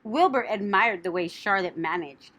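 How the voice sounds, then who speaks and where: Narrator: woman, bright voice, lively pitch, children's story reading. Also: moderate pace. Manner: expressive, animated. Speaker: audiobook narrator.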